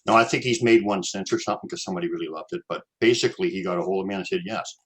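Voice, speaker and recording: A man's voice: low voice, very fast. A Canadian man hosting a casual chat, telling a personal story in a rambling way, with repeated words and many fillers.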